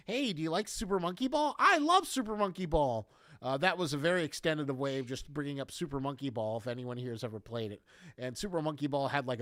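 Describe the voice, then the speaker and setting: A man chatting casually on a stream, talking in a halting, tangent-prone way full of fillers and restarts. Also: fairly high pitch, a bit bright, clear, resonant tone, dry recording.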